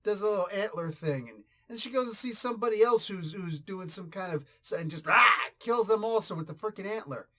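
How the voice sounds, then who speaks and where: A man's voice: sits high, brisk, few pauses, bright, forceful tone. A man hosting a casual comic book review, ranting in a blunt, crude and mocking way with bursts of laughter.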